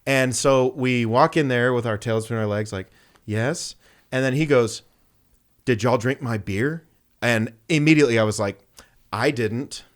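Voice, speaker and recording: Young man, casual podcast storytelling, animated, jumps into voices for each person, middle pitch. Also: moderate pace. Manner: animated, acts out voices in his anecdotes. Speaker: podcast co-host.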